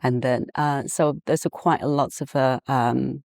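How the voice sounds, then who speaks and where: A man's voice: medium pitch, fairly even intonation, measured pace, creaky, a little mellow, no echo, studio quality. A man from China hosting an interview, asking eager probing questions and adding frequent short affirmations. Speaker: podcast host, interviewer. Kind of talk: conversational interview.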